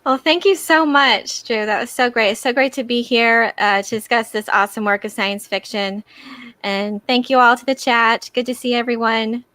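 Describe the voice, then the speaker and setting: A woman speaking as a podcast panelist in a friendly, giggly way. Her voice is pitched somewhat high, and the dry recording sounds close to the mic. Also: steady tone, normal speed, bright, forceful tone, no room sound. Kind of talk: casual live-stream chat.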